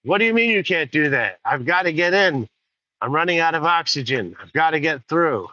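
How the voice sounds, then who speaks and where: A man doing a desperate male astronaut shut out of his ship, pleading loudly and urgently. The voice is bright and tense, and the recording is dry and muffled. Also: on the high side, expressive, brisk, no echo, voice pushed up. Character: panicked male astronaut locked outside. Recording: dull lo-fi sound.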